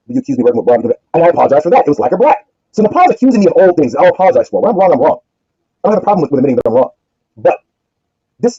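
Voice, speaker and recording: A man's voice: on the high side, mellow, breathy edge, dull audio. A man hosting a heated livestream argument, talking in a profane, rambling, defensive way. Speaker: livestream host.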